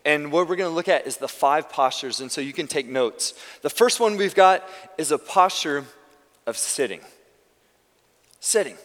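A man's voice: a little high, lively intonation, moderate pace, fairly bright tone, in a large hall. A male pastor giving a conversational sermon in a church, often restarting his sentences. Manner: conversational preaching with frequent restarts. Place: church sanctuary.

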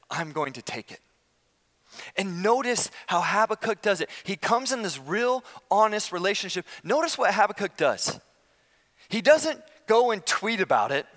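A pastor with a high-pitched voice delivers an impassioned sermon, swinging from loud declarations to hushed, slow appeals. The sound carries the feel of a big room.

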